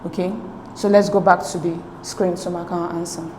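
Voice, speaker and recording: A woman's voice: lowish voice, little pitch movement, normal speed, dark tone. A woman teacher explaining exam answers step by step, patient and methodical, often checking in with "okay?". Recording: echoey room with faint noise.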